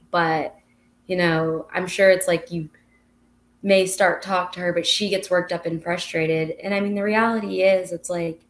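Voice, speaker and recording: Her voice sits on the low side, with a faint hiss or hum in the recording. As co-host of a laid-back podcast, this young woman muses aloud in casual conversation, leaning heavily on filler words.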